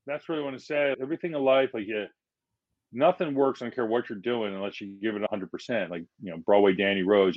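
A man from Philadelphia tells stories as a podcast guest, jumping between voices for everyone he quotes. His voice sits fairly low. The recording is dry and a little dull. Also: fast talker, dry recording. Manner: animated, acts out quotes in changing voices. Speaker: guest, firefighter. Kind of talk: casual storytelling in a podcast interview.

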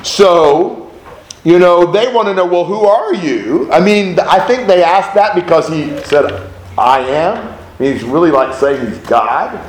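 A man teaching a Bible study to a group, emphatic and animated, often asking rhetorical questions. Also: on the high side, a little slow. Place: room with a group of listeners. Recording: roomy echo, faint background noise.

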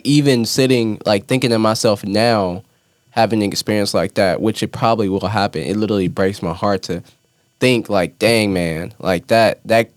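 A man as a podcast guest, speaking in an earnest, reflective way, often quiet. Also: fairly low pitch, no room sound, studio quality. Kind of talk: casual podcast conversation.

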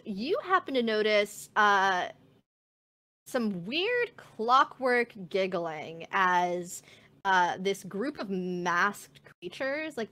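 A woman's voice: mid-range voice, pushed and bright. A woman narrating as game master of a tabletop game, chatty and full of fillers. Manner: chatty, filler-heavy, laughs easily.

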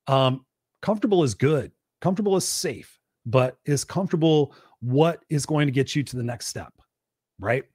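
A man hosting a live-streamed motivational show, talking in an energetic coaching tone and greeting viewers by name, his voice a little tired. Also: medium pitch, no room sound, clean studio sound. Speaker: podcast host. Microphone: desk mic with monitors.

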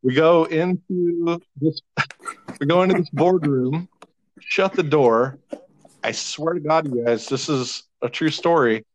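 A man as a podcast guest telling an animated, profane story in casual conversation. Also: a little high, slow, dry recording.

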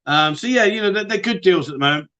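A man's voice: high-pitched, animated, fast, a bit bright, dull audio. A man with a British accent hosting a casual livestream, reading out viewer questions and answering in a chatty, matey way. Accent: British English. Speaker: livestream host.

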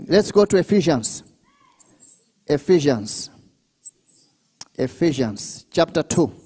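A male pastor preaching a sermon at a church service, drawing call-and-response from the congregation, with bursts of shouting and speaking in tongues. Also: fairly high pitch, very animated, slow, pauses often, slightly rough, in a large hall.

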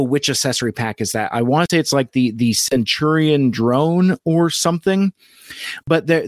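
Halting, rambling man in a dry, close recording. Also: medium pitch, no room sound. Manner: rambling, halting, many fillers and restarts. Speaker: toy reviewer and stream host. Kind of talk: casual live-stream review chat.

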